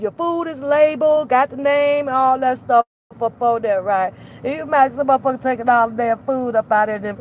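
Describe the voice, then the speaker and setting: A woman vlogger chatting casually, telling loud, profane, laughing stories. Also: high voice, a little hiss or hum. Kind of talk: casual chat.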